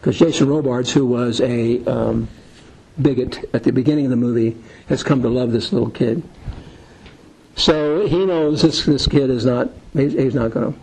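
A man's voice: medium pitch, normal speed, vocal fry, darkish tone, slightly rough, rough recording. A man leading a Bible study lesson in a conversational, rambling way, with many fillers and film scenes retold as illustrations.

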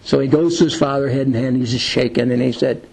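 A man's voice: mid-range voice, fairly even intonation, fast, creaky, darkish tone, poor audio. A man leading a Bible study lesson in a conversational, rambling way, with many fillers and film scenes retold as illustrations.

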